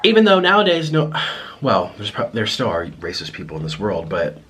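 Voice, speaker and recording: A man vlogging to camera, talking in a reflective, apologetic way with many restarts, pausing to eat. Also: on the low side, huge pitch swings, a bit bright, husky. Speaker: mukbang vlogger. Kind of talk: casual confessional talk to camera.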